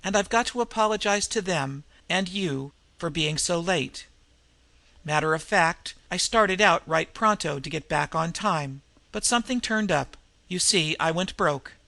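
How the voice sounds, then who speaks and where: A man voicing a kind young woman who reads a letter aloud gently. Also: high voice, a little slow, creaky, no echo, full character voice. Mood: reading.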